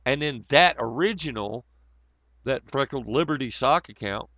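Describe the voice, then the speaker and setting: Profane, bright-voiced man ranting on a livestream. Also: mid-range voice, animated, normal speed, no echo, dull audio. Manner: profane, rambling, laughs often. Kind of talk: casual livestream rant.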